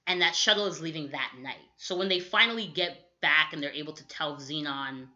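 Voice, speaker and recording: A young woman co-hosting a podcast, recapping a movie in casual chat and acting out quick quotes, with lots of "like". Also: low voice. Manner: animated storytelling with quick acted-out quotes, lots of "like". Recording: dull lo-fi audio.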